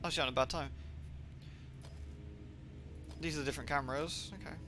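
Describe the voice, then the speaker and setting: A man's voice: mid-range voice, steady tone, racing, over music. A man giving jokey, rambling commentary while he streams a game. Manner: jokey and rambling, playing with slang. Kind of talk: casual live-stream commentary.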